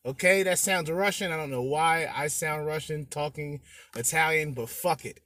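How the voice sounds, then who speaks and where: A man's voice: fairly high pitch, normal speed, hardly any pauses, bright, forceful tone. A man hosting a podcast in a casual, brash commentary style, swearing and bantering with his listeners. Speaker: podcast host.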